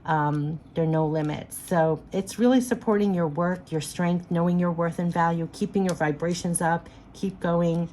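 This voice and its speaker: A woman's voice: on the low side, fairly even intonation, normal speed, hardly any pauses, darkish tone, a little hiss or hum. A woman doing a spiritual card reading, speaking in a soothing, repetitive, affirming way.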